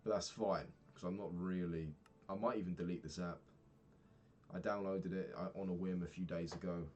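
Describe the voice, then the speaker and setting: A man's voice: low voice, fairly even intonation, moderate pace, darkish tone, highs cut off, a little hiss or hum. A young man in his twenties talking frankly in a rambling daily vlog, swearing casually and filling gaps with ums. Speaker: vlogger.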